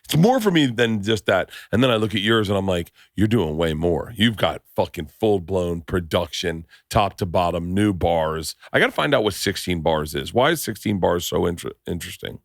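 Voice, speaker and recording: This is a middle-aged man with a lowish voice, talking with a guest on a podcast in a rambling, jokey way that gets excitable. He sounds dry and close to the mic, with no room around him. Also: moderate pace, vocal fry, few pauses, dry recording. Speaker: podcast host. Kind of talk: casual chat.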